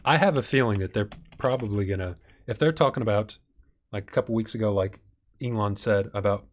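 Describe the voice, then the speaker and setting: Low-voiced man hosting a live Q&A. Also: a little fast. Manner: reads viewer questions, thinks aloud with fillers. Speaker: channel host. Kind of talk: live stream Q&A.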